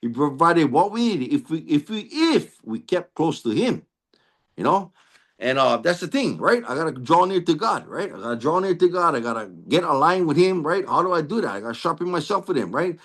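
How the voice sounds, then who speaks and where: A man with a Hawaiian Pidgin-inflected accent tells his own recovery story in an earnest, circling way. His voice sits a bit high and swings widely in pitch. He tags almost every phrase with "right?" and stumbles over his restarts. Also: very animated, a little fast, a bit bright. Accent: Hawaiian Pidgin-inflected English. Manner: frequent restarts and stammered repeats. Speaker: recovery meeting speaker. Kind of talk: personal recovery testimony.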